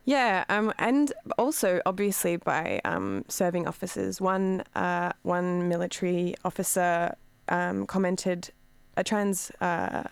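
A woman's voice: on the low side, animated, takes it slowly, gravelly, clear, resonant tone, dry recording. A woman co-hosting a radio show, chatting casually with lots of fillers. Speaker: radio co-host.

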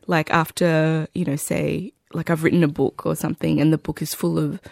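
Woman, comedian guest, lowish voice, playful and wry, dry close studio sound. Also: little pitch movement, moderate pace, creaky, a little mellow, no room sound. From Australia. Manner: playful, wry, rambling storytelling. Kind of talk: casual radio interview.

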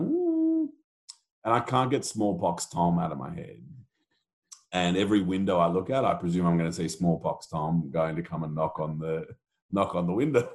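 Animated man telling stories. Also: sits low. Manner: animated, laughing, swears casually. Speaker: podcast co-host. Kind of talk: casual chat, storytelling.

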